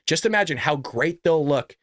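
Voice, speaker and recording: A man's voice: on the high side, lively intonation, moderate pace, a bit bright, no echo, clean studio sound. A man hosting his own political commentary show, reading an ad and then ranting in a heated way with lots of rhetorical questions. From California. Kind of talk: casual political commentary and ad read.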